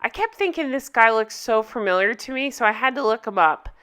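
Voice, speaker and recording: A woman with a bright, forceful and smooth voice, pitched a little high. She chats to camera as a TV review vlogger, expressive and quick to laugh. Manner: chatty and expressive, laughs often. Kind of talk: casual chat to camera.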